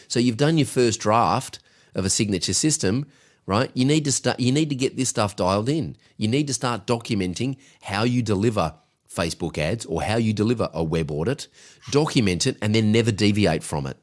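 A man's voice: lowish voice, animated, a little fast. A man co-hosting a business podcast, coaching in an emphatic, directive way. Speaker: podcast co-host, agency coach.

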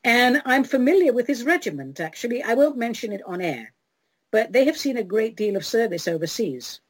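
A woman's voice: a little high, big pitch swings, a little fast, slightly rough, no room sound, poor audio. A woman hosting an internet radio talk show, answering listener letters in a theatrical, playful way and calling her listeners darlings.

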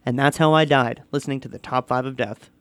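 A man co-hosting a podcast, reading a listener's story aloud in an animated way. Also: medium pitch, fast talker, no echo, clean studio sound. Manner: animated reading, often breaking into laughter. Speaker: podcast co-host.

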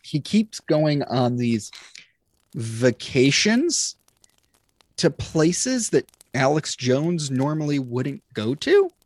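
Casual young male podcast co-host, mid pitch, rambling talk, very dry sound. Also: very animated, takes it slowly, no echo. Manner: rambling, lots of fillers and restarts. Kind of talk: casual chat.

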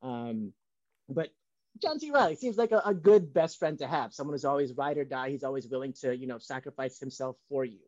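A man's voice: medium pitch, animated, fairly quick, a little mellow, highs cut off. A man co-hosting a podcast in casual banter, joking and rambling with lots of ums. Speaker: podcast co-host. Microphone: home setup on video call.

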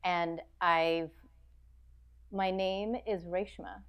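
A woman's voice: on the low side, normal speed. An American woman guest on a podcast, talking in a casual, reflective way with lots of "like" and restarts. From United States. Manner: animated, reflective, full of "like" and restarts. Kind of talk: casual interview chat.

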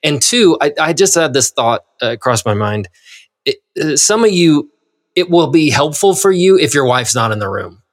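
A man co-hosting a casual chat, encouraging and a bit halting as he talks. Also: fairly high pitch, very animated, dry recording, studio quality. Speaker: podcast co-host.

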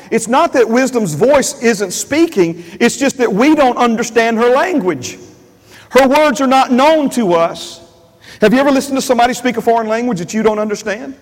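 A man's voice: extremely high pitch, big-room sound, rough recording. A male pastor preaching a sermon, repeating phrases and asking the congregation questions. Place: church.

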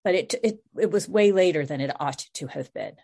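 Give me a middle-aged woman whose voice sits very low. She speaks softly and earnestly as a guest in a reflective conversation, and she pauses and restarts as she searches for words. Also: expressive. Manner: soft-spoken, earnest, with frequent restarts.

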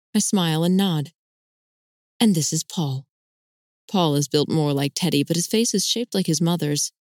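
A woman narrating a first-person novel at a measured, even pace. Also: low voice, no room sound, clean studio sound. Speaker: audiobook narrator.

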